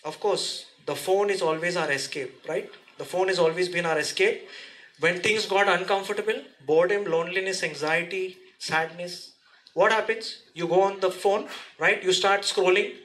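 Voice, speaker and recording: A man giving a lively seminar talk, asking the audience questions and speaking to them directly. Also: sits high, moderate pace, rough recording. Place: seminar room.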